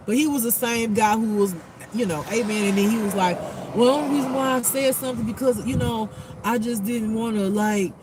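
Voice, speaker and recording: A man talking casually as a spiritual life coach, telling a story bluntly and animatedly with heavy swearing and acted-out quotes. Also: high voice. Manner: acts out quotes in a raised voice. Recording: clear outdoor traffic noise. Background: passing cars and street noise.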